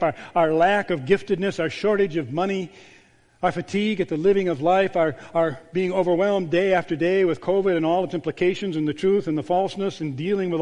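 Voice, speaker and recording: A man, a pastor, delivering a sermon with a storytelling manner, dropping to a hushed voice on key words. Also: high-pitched. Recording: long church reverb.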